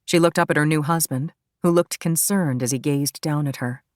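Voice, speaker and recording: Low-voiced woman narrating a thriller. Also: moderate pace, dry recording, clean studio sound. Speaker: audiobook narrator. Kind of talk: scripted narration.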